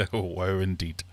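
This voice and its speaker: A man hosting a casual livestream from his fish room, chatty and quick to laugh while telling jokes. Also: sits low. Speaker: livestream host.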